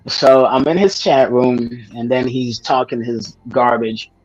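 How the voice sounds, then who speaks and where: Husky-voiced man telling a rambling story. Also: mid-range voice, steady tone, slow, darkish tone, dry recording, dull audio. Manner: rambling, laughs often, slangy storytelling. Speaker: podcast host telling a story. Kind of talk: casual chat.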